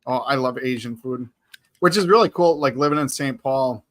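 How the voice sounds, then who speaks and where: A man's voice: mid-range voice, normal speed, a bit bright. A man co-hosting a casual live talk show, chatting with easy enthusiasm. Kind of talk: casual live-stream chat.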